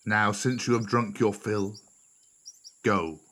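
A man's voice: fairly low pitch, steady tone, slow. A man doing a grave old elephant. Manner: quiet and grave. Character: old, wise male elephant, calm master of the jungle.

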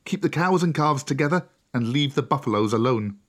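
A man's voice: mid-range voice, expressive, brisk, close to an everyday voice. A man voicing a bold boy raised by wolves, calling out eager commands. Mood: commanding.

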